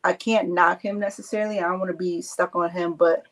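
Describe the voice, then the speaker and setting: A woman on a panel who explains her point in a measured, conversational way. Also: on the low side, fairly even intonation. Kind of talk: casual panel discussion.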